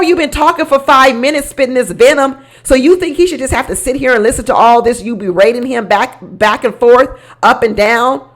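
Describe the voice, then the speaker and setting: Sassy animated woman commentator. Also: a little high. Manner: sassy, animated, talks back to people on screen. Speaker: reality show commentator. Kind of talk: casual commentary.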